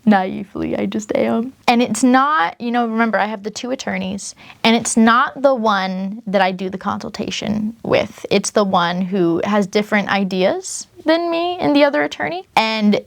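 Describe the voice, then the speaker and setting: A young woman vlogger telling her own story in a chatty, quick way, full of asides and self-corrections. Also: medium pitch, vocal fry, no echo. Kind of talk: casual storytime monologue.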